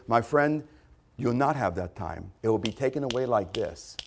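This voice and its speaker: A man preaching a sermon, shifting between hushed, quiet passages and loud, emphatic repeated cries. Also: mid-range voice, expressive, normal speed.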